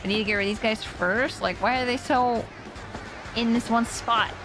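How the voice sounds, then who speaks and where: A woman's voice: on the high side, steady tone, moderate pace. A woman streaming a video game, chatting playfully and often laughing. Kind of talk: casual live gameplay chat. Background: faint game music.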